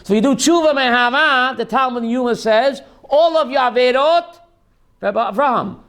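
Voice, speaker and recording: A man teaching a lively Torah class as a rabbi, asking his listeners questions and mixing in Hebrew terms. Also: very high-pitched, normal speed, smooth. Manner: animated, asks the audience questions, mixes Hebrew terms.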